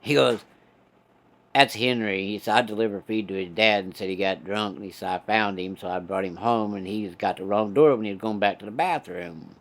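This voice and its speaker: A man's voice: fairly low pitch, brisk, few pauses, fairly bright tone. A man spins a casual tale. His delivery is folksy and laid-back, with plenty of swearing. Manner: folksy, profane, laid-back drawl of a storyteller. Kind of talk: casual storytelling.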